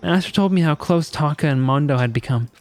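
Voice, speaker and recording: Man playing a gentle, analytical game AI, polite young male. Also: on the high side, brisk, soft background music, lightly acted. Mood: earnest.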